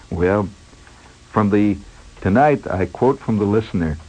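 Husky-voiced man spinning a wry yarn. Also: on the low side, a little slow, long pauses, a little mellow, lo-fi sound. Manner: digressive and wry, with chuckles. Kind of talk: rambling storytelling monologue.

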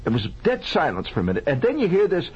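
On an old, very noisy lo-fi radio broadcast, a man with a high voice rapidly tells a comic childhood story. Improvising in an animated, conversational way, he questions listeners and makes mouth sound effects.

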